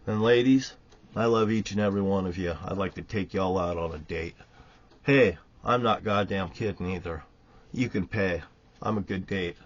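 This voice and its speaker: Cussing preachy guy ranting, kinda low voice, dull lo-fi sound. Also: no room sound. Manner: profane, preachy, swings loud and soft. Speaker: online ranter. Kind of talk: angry monologue. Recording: dull lo-fi recording.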